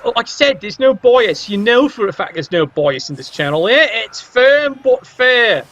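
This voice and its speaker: A man's voice: very high-pitched, sing-song, normal speed, fairly bright tone. Wry man calling a tabletop sports game. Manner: wry, joking, playfully biased. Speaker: game commentator. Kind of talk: casual play-by-play commentary. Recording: dull lo-fi recording.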